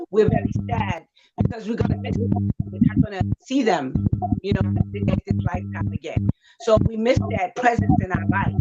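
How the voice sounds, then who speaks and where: A woman psychic on a livestream, talking gently and reassuringly, with many fillers as she tells a story. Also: fairly low pitch. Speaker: psychic panelist. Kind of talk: livestream talk. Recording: dull lo-fi livestream audio.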